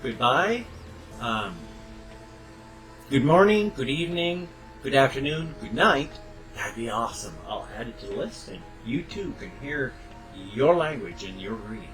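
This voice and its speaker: Older man, webcam vlog, lively pitch, chatty tangents, faint music behind. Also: a little slow, low-quality recording. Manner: animated, chatty, tangents, loud bursts. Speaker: vlogger. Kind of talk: rambling casual webcam monologue. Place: at home.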